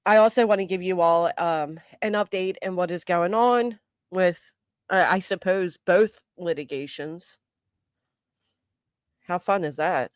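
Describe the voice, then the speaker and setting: A middle-aged woman hosting a live stream, chatting casually with viewers, greeting them by name, and talking fast and loud. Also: on the low side, smooth, no room sound, clean studio sound. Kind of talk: casual live chat, reading comments.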